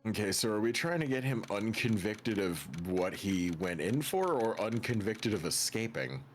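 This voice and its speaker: A young man co-hosts a game stream, firing off jokes and wisecracks in casual chat. His voice is mid-pitched and bounces animatedly. Faint music plays behind him. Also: animated, moderate pace. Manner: wisecracking, jokey. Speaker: co-host of a let's play stream.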